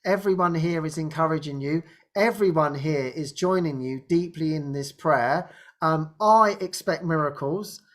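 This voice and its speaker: A man's voice: fairly high pitch, a little slow. A man hosting a spiritual group talk, often restarting his sentences, laughing and acting out quoted speech. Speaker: host.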